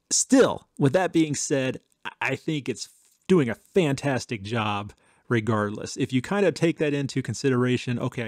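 A man hosting a tech channel, chatting casually through a software demo with some fillers and dictated test sentences. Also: medium pitch, dry recording, studio quality.

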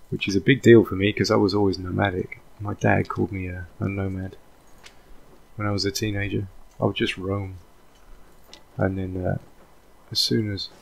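A let's play host talks casually through a video game, thinking aloud and drifting into relaxed, rambling asides. His voice is fairly low, husky, with vocal fry.

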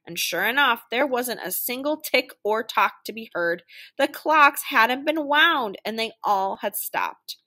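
A woman reading a children's picture book aloud with playful, animated delivery. Her voice is bright and fairly high, leaping around in pitch as she voices the noises. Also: measured pace. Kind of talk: storybook read-aloud.

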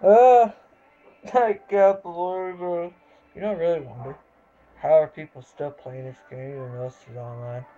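A gameplay commentator talking casually over a match, excitable, exclaiming and swearing at the game. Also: mid-range voice, normal speed, lo-fi sound, faint music behind.

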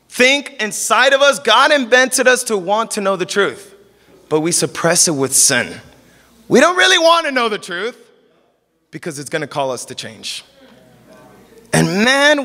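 High-voiced preacher man, church hall echo. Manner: animated, acts out quoted voices. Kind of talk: sermon.

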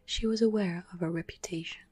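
Give me a woman whispering an ASMR story reading, low and very breathy. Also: steady tone. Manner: slow, hushed, evenly paced reading. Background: soft classical music.

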